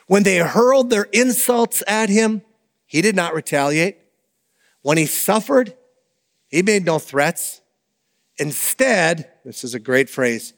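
Animated high-voiced man preaching. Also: in a large hall. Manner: animated, conversational preaching with asides. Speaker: pastor. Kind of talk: sermon.

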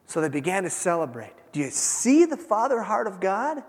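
A man preaching a sermon, retelling a scripture story with dramatic pauses and emphasis. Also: high voice, big pitch swings, darkish tone. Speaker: pastor. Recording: long hall reverb.

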